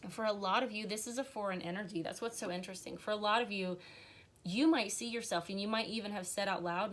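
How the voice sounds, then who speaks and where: A woman's voice: mid-range voice, quick pace. Woman tarot reader, chatty and emotional on a home live stream. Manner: chatty, warm, emotional, many fillers.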